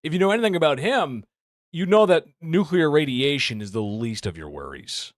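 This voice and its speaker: A man giving casual reaction commentary, excitable and joking, throwing in rapid asides. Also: on the high side, no room sound, studio quality. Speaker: commentary YouTuber.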